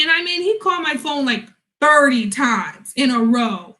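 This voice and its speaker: Animated high-voiced woman telling a story. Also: moderate pace, poor audio. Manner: animated storytelling, acts out both sides of conversations. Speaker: vlogger. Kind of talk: casual storytelling vlog.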